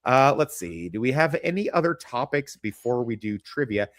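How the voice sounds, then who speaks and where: A man's voice: mid-range voice, big pitch swings, moderate pace, no echo, clean studio sound. A man from Kansas, hosting a crude, rambling podcast chat. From American Midwest, Kansas. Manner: profane, rambling, laughs often. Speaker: podcast host.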